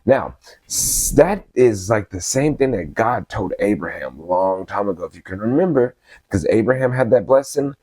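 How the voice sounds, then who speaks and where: A man's voice: fairly low pitch, animated, moderate pace, a little mellow, husky, dry recording. A man giving casual, slangy Bible study commentary, reading passages aloud and then riffing on them conversationally.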